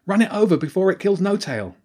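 A man reading a storybook voices a brave, quick-thinking young girl who gives orders in a raised, high voice. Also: animated, natural voice. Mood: urgent. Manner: urgent, commanding.

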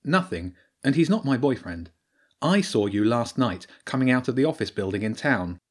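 A man's voice: mid-range voice, very animated, normal speed. A man voicing an earnest, anxious young teenage girl in an audiobook, with a pleading, urgent manner.

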